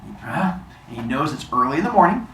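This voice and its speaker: An animated male teacher tells a myth to his class in a casual, joking way and keeps dropping in asides. His pitch swings widely as he talks. He is recorded from a distance in an echoey classroom, with faint noise behind him. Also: fairly quick. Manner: animated, jokey retelling with asides. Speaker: teacher and storyteller.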